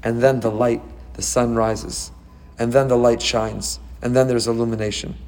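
A man giving a sermon as a rabbi, animated and full of rhetorical questions, with Hebrew terms mixed in. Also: mid-range voice, moderate pace.

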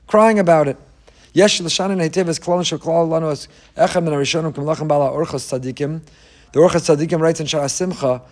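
A man's voice: on the high side, a little mellow. A middle-aged man giving an impassioned sermon, asking rhetorical questions and quoting Hebrew texts. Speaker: rabbi giving a Torah class.

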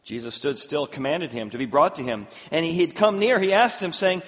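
Man, pastor, sermon, animated storytelling, long hall reverb, muffled sound. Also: a little high, fairly quick. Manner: animated storytelling with acted quotes. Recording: echoey hall, slightly dull.

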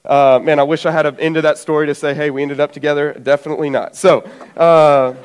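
A man in his twenties preaching a sermon, telling a lively personal story and acting out his family's voices, a little out of breath. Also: a little high, fast talker, smooth. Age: 20s.

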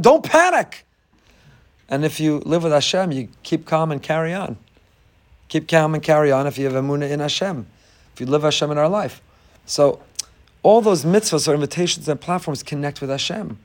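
Animated rabbi teaching a class. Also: male voice. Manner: animated storyteller, rising high when acting out others. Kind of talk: Torah class lecture.

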